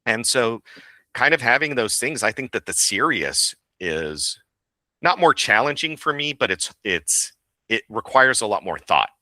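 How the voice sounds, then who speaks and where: A man, a voice actor and director, talking casually in an interview. He is animated, laughs often and slips into voices. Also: medium pitch, unhurried, no room sound.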